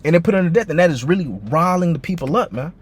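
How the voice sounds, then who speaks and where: A man's voice: on the high side, expressive, fast, husky. A man giving casual commentary built on scripture, ending nearly every phrase with "man" or "all right" and often stammering through restarts. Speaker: online commentator and preacher.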